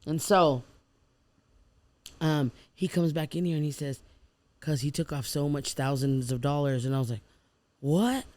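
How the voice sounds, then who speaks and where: A woman's voice: low voice, measured pace, long pauses, mellow, no room sound. A woman guest on a podcast, telling her life story in casual chat and animatedly acting out the people and prayers she quotes. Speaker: podcast guest, food truck owner.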